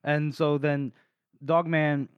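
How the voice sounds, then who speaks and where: A man hosting a casual book-discussion podcast who rambles through a chapter recap, swears freely, laughs often and rushes through fast asides. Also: on the high side, little pitch movement, clear, resonant tone, no echo, highs cut off. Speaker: podcast host.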